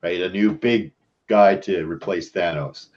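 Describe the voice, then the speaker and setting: A man's voice: low voice, a little slow, a little mellow. A man taking part in a live online chat, laid-back and chiming in with short remarks. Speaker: guest. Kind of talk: casual chat. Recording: dull lo-fi call audio.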